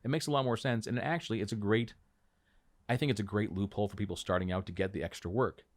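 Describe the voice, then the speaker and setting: A man on a podcast telling stories from his acting work in a casual, animated way, acting out other people's lines as he goes. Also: fairly low pitch, fast talker. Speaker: podcast guest, actor. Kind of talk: casual storytelling chat. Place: small podcast room.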